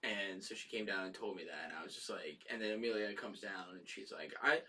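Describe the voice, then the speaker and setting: A man's voice: sits low, brisk, pushed and bright, distant mic, a little hiss or hum. A man co-hosting a casual live talk show, telling family stories with laughs and casual swearing. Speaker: podcast co-host. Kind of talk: casual chat. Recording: voice from off the mic.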